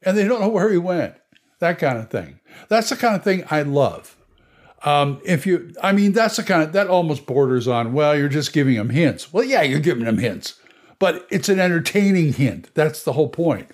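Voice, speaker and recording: A man's voice: fairly high pitch, very animated, moderate pace. A man hosting a podcast, telling game stories in a casual, rambling monologue. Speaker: podcast host. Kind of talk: casual monologue on tabletop games.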